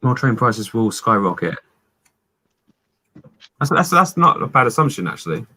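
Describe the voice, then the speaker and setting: Husky young man, stammering chat. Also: medium pitch, very animated, normal speed, sharp tone. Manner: hesitant, stammering. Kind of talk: casual chat.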